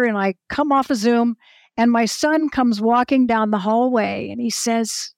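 A woman in her sixties, a guest telling animated stories with frequent restarts. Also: fairly high pitch, unhurried, no room sound, clean studio sound. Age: 60s. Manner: animated storyteller, restarts often. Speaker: actress and guest. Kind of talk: casual interview talk.

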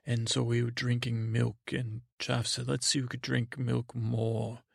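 A man telling a rambling sleep story in a meandering, halting way, voicing everyone himself. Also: mid-range voice, flat delivery, gravelly, no echo, studio quality. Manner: meandering, halting, full of restarts and asides. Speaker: podcast host.

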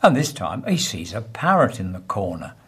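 A man's voice: lowish voice, big pitch swings, moderate pace, a bit bright, husky. A man hosting a radio show, telling stories and jokes in a dry, self-mocking way and laughing at his own punchlines. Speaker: radio host.

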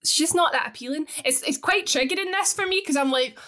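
A woman, co-hosting a casual podcast chat, chatty and quick to laugh. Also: high-pitched, bright, forceful tone. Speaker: podcast co-host.

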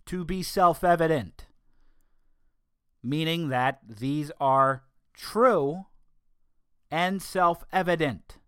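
A man giving an opinion monologue, emphatic with sarcastic asides, slowing down to stress key words. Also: sits high, sharp tone, clean tone, dry recording, clean studio sound. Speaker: political commentator.

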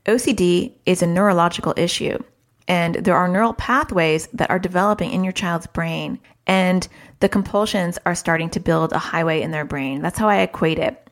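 A woman's voice: on the low side, normal speed. A woman hosting a parenting podcast, talking frankly and casually and laughing at herself now and then. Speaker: podcast host, parenting educator.

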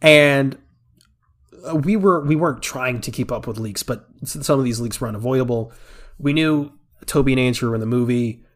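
A man is co-hosting a casual movie review podcast, with a middle-pitched voice. He walks through scenes in an excited rush, laughing often and restarting his sentences as he goes. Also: normal speed. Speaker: podcast co-host.

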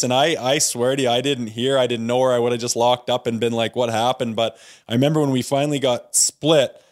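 A male co-host talks in a frank, casual way, swearing easily as he goes. His voice sits at an ordinary mid pitch. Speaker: podcast co-host, former pro hockey player. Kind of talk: casual chat.

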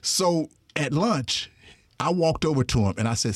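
A man tells a story in an animated way, swinging his pitch widely as he acts out what others said. His voice sounds dry and close, with no room around it. He laughs often while he talks. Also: measured pace, no room sound. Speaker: guest storyteller. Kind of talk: casual storytelling chat.

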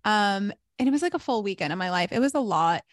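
A woman co-hosting a podcast in casual chat, talking in an even, low-key tone full of "like.". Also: quick pace, no room sound, clean studio sound. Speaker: podcast co-host.

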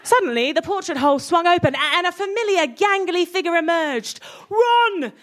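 A woman's voice: very high-pitched, brisk, a bit bright. A woman doing a comic, giggly reading of a parody story. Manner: giggly, playful. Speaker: reader.

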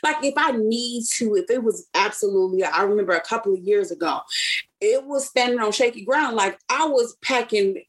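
A woman's voice: fairly high pitch, moderate pace, slightly rough. A young woman from Chicago casually telling a personal story, acting out the voices of the people she quotes. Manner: animated storyteller who acts out quoted speech. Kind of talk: casual chat.

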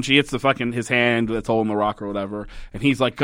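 A man co-hosting a podcast, recapping a show in loose, profane casual chat and acting out the characters' lines in quick voices. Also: medium pitch, fairly bright tone, clean tone, no room sound, clean studio sound. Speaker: podcast co-host.

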